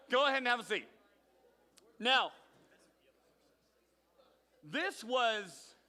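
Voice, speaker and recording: A bright, forceful youth pastor with a high voice leads a game for teens in a big hall. His voice rings out with a long reverb, and he teases the kids by name as he calls on them. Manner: upbeat, calls on teens by name, playful teasing. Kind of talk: leading a youth group game. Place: large hall with audience.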